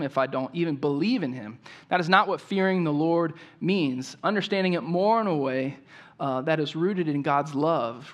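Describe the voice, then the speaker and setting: Man preaching a sermon, slightly high voice. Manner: leads congregation in call-and-response, reads Scripture aloud. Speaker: pastor.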